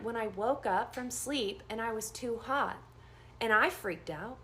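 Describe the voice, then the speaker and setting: A woman nurse telling a story in a casual first-person way, animated and acting out the dialogue. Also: measured pace. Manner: animated, acts out quoted dialogue with big pitch jumps.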